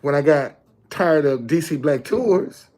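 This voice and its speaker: Brief: man hosting his own video channel, unhurried and emphatic, higher-pitched speaking voice. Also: expressive, darkish tone. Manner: repetitive, checks in with viewers often; emphatic, explaining step by step. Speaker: street messenger and video host. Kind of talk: casual talk to viewers.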